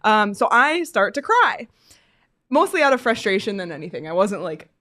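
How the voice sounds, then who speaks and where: A woman's voice: mid-range voice, moderate pace. A woman co-hosting a sports podcast, casually telling a story with lots of laughs and fillers. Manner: animated, laughs often, frequent fillers. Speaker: podcast co-host.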